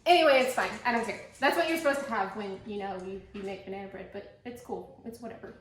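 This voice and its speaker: A young woman hosting her home cooking vlog, bubbly and rambling, excitedly chatting with a guest in her kitchen. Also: medium pitch, fast. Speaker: cooking channel host. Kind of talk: casual cooking vlog chat. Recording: echoey kitchen room.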